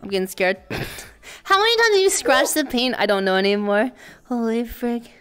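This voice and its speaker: A woman streamer chatting casually with her live viewers, excitable and laughing often, with mock-exasperated outbursts. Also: a little high, normal speed, clear, resonant tone, soft background music. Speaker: VTuber streamer.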